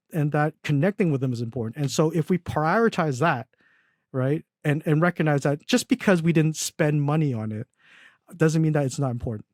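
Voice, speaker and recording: A man's voice: on the high side, darkish tone, no echo. A young man chats as a podcast guest, his slightly raised voice tumbling through ums, false starts and self-amused asides. The sound is dry and close, with no room around it. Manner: rambling, many fillers and restarts, laughs at own stories. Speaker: podcast guest, agency founder. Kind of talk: casual interview chat.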